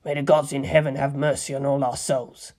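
A man's voice: mid-range voice, brisk, natural voice. A man voicing a middle-aged bystander filming a monster attack, blurting and swearing. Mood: resigned. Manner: excited breathless swearing. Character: middle-aged man filming a disaster, frantic then resigned.

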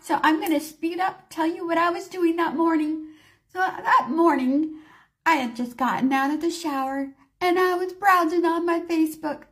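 High-pitched woman in her forties, animated storytime vlogger who acts out the voices in her story. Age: 40s. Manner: animated, acts out her own and others' panicked lines. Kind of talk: casual storytime vlog.

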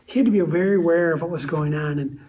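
A man's voice: on the high side, fast talker, mellow, a little hiss or hum. A man pastor preaching a sermon in a conversational, storytelling way, posing rhetorical questions to the congregation. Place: church sanctuary. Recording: voice distant from the mic.

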